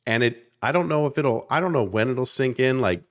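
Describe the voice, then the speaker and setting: Brisk and a bit bright, with a medium pitch and lively intonation, a podcast co-host in his thirties from South Jersey near Philadelphia rambles through a passionate casual chat. He occasionally swears to drive a point home.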